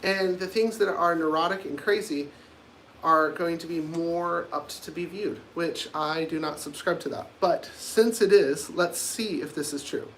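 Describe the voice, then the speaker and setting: A man's voice: a little high, unhurried, fairly bright tone, slight background noise. A man hosting his own livestream, talking casually in a blunt, rambling and provocative way. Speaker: livestream host.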